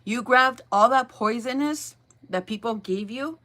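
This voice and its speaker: A woman giving a casual tarot reading, excitable and emphatic, repeating her phrases and swearing freely. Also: fairly high pitch, measured pace. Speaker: tarot reader.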